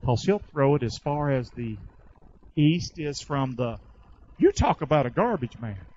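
A man's voice: mid-range voice, big pitch swings, measured pace, a little mellow, lo-fi sound. A man preaching a sermon, calling for his congregation to answer and repeating lines back. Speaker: pastor.

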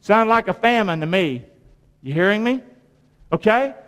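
A man's voice: high voice, lively intonation, moderate pace, pauses often, a bit bright, clear, resonant tone. A male preacher delivering a colloquial sermon, quizzing his congregation with call-and-response questions and repeating phrases for emphasis. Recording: long reverb of a large hall.

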